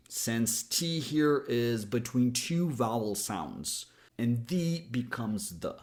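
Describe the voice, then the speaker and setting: Male American accent coach, unhurried, explanatory, stretches key words. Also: mid-range voice, darkish tone. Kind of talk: English pronunciation lesson.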